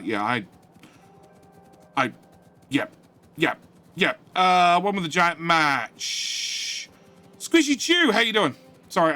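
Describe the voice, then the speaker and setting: A man's voice: medium pitch, bright, forceful tone. A man live-streaming a game from his home studio, chatting casually and reading out chat messages. He rambles, swears offhandedly and fills gaps with "uh".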